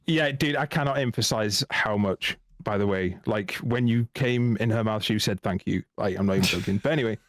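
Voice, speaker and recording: A man's voice: fairly low pitch, brisk, hardly any pauses, no room sound, studio quality. Laughing man telling a crude story. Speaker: podcast guest. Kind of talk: casual podcast chat. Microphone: remote call.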